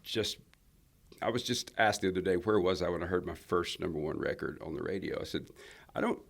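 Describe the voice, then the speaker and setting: A man's voice: low voice, a little fast, creaky. A man from Alabama, a country singer telling rambling stories in a casual interview. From Alabama, USA. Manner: rambling storyteller, many restarts and fillers.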